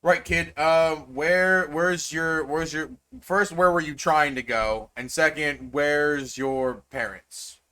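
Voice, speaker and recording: A man voicing a tall, stern male wizard officer in a tabletop game, gruff and exasperated. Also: on the high side, fairly even intonation, takes it slowly, hardly any pauses, bright, forceful tone. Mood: weary.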